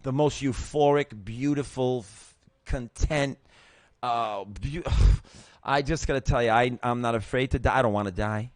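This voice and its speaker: A man's voice: medium pitch, measured pace, dry recording. A middle-aged man hosting his own show, telling a personal recovery story in a casual, emotional and profane way, acting out the other voices. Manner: emotional, profane, animated retelling with acted-out voices. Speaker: host.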